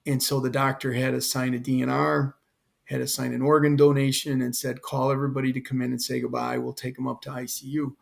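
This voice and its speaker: A man's voice: medium pitch, monotone, a little fast, vocal fry. An older man, a former fire chief, telling an emotional personal story in earnest detail as a podcast guest. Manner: earnest, quotes others in his own voice.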